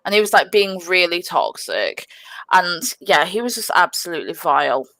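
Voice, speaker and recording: A young woman telling a gaming story on a podcast, animated and swearing freely, with lots of fillers. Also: lowish voice, moderate pace, gravelly, dry recording. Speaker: podcast guest, gamer. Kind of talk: casual storytelling.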